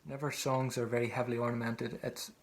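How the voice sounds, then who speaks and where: Quick-paced and level, with vocal fry in his mid-range voice, an Irish man teaches a traditional song in an online singing lesson. He patiently repeats every phrase for learners to echo back.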